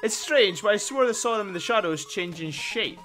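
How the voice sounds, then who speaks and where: A man commentating his own video game playthrough with excitable, panicky reactions. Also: high voice, normal speed. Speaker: gaming video host. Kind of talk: let's play commentary. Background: faint game music.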